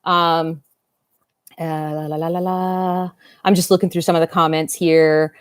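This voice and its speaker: A woman's voice: sits low, flat delivery, unhurried, clean tone, no echo, studio quality. A woman, chatting on a livestream, rambling, reading comments aloud and talking while eating. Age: 50s. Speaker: doll-collecting livestream host. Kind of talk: casual livestream chat.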